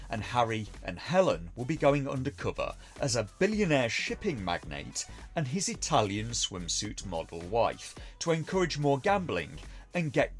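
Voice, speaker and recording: A man reviewing a TV episode in a dry, sarcastic, mocking way. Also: medium pitch.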